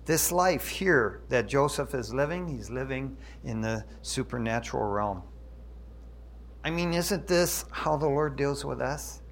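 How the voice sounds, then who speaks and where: Animated man preaching a casual sermon. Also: on the high side. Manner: animated, conversational, says "man" often. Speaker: pastor.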